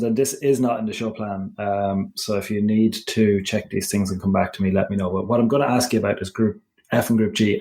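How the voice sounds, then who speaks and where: A woman's voice: rumbling low, mellow. Woman cohost on a podcast, jokey and teasing, asks lots of questions. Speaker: podcast co-host. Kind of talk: casual panel chat.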